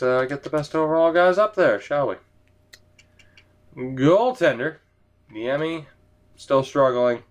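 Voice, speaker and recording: A man giving casual let's-play commentary on a hockey game, sleepy and yawning, rambling and swearing casually from his chair at home. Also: mid-range voice. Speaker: gaming commentator. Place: home gaming setup, in a chair.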